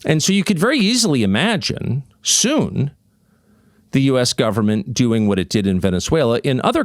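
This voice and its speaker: A man's voice: fairly low pitch, no room sound, studio quality. A man hosting an opinion monologue, sardonic and mocking. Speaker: host.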